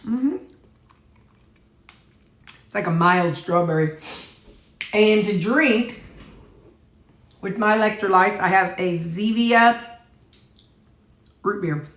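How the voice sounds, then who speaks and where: A woman's voice: mid-range voice, slow pace, long pauses, reverberant. A woman with a Missouri accent, chatting casually and rambling folksy as she vlogs from her home kitchen. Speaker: vlogger. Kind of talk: casual chat.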